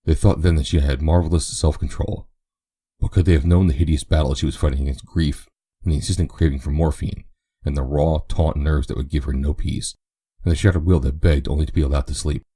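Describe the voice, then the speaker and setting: Man, audiobook narration, very low voice, husky, mellow tone. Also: steady tone, a little fast. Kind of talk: scripted narration.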